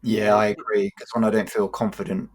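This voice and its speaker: A man's voice: fairly low pitch, flat delivery, fairly quick, breathy edge. A man hosting a casual podcast interview, asking direct questions and giving short agreements. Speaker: podcast host.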